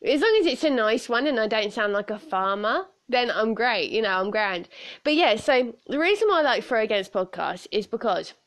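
A woman's voice: on the high side, sing-song, moderate pace. A young woman with a southern English accent, chatting on her solo podcast, giggling and rambling, with a stuffed-up nose. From south of England. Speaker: podcast host. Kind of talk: casual solo podcast chat.

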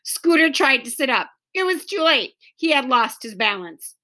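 Expressive woman reading a children's story. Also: high voice, normal speed. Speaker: narrator. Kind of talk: reading a children's book aloud.

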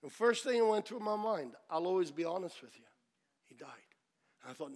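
A man preaching a sermon as pastor, telling a story dramatically, dropping to a hush and then rising to shouts. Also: sits high, expressive, fairly quick.

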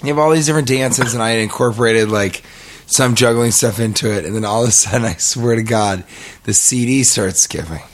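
A man's voice: mid-range voice, fairly quick. A middle-aged man telling a rambling, comic story on a podcast, acting out the quotes as he goes. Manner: rambling, animated, acts out quotes. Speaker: podcast host. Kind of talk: casual comedic storytelling.

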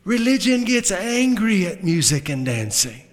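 A man preaching a sermon as a pastor, swinging from loud emphatic lines to hushed asides, with humorous remarks. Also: high-pitched, sing-song, unhurried. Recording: long reverb of a large hall.

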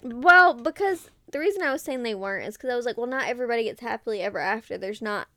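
A young woman co-hosting a podcast in casual chat, talking in a lively way and acting out quotes. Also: fairly high pitch, fast talker, no room sound. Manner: chatty, animated, acts out quotes. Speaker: podcast co-host.

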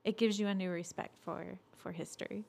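A woman's voice: medium pitch, steady tone, brisk, vocal fry, darkish tone. A woman co-hosting a travel show, chatting casually and explaining places in an easygoing way. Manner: chatty, laughs easily, explains facts.

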